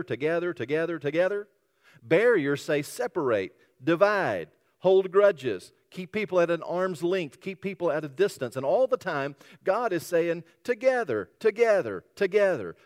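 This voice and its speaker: A man preaching a sermon in a church sanctuary, his voice set a little high and ringing with a long hall reverb. He hammers on repeated words and throws rhetorical questions out to the congregation. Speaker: pastor.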